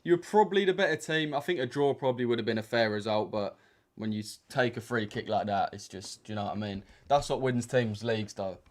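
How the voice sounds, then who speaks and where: A man's voice: mid-range voice, fast talker. A young man chatting casually on a livestream as a trading streamer, bantering in slang with lots of fillers. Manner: laid-back slangy banter with frequent fillers.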